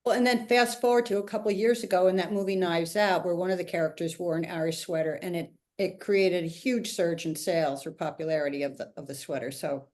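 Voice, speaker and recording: A woman moderating a video-call discussion, animated and searching for words as she wraps up and opens the floor to questions. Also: fairly low pitch, a little fast, few pauses. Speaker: host and moderator. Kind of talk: conversational interview on a video call.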